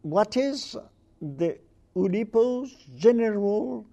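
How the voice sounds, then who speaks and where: A man delivers an academic lecture in English, his high voice mellow and dark in tone. He speaks slowly and haltingly, pausing to search for the right words. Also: lively intonation, vocal fry.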